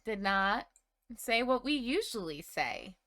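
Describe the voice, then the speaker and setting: A woman's voice: fairly high pitch, very animated, slow pace, a bit bright, dry recording, clean studio sound. A woman from Massachusetts co-hosting a podcast, chatting casually with jokes and frequent laughs. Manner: chatty, joking, laughs often. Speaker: podcast co-host. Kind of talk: casual chat.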